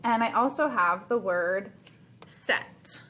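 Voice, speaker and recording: A woman teacher records a phonics lesson for her students at home. She talks slowly and patiently, breaking each step down. Her voice is bright and clear. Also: medium pitch, slight background noise. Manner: slow, patient, explains step by step.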